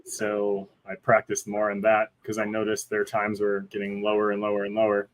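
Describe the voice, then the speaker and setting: A male guest on a live show, giving dry, short deadpan replies in casual chat. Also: on the low side, moderate pace, low-quality recording.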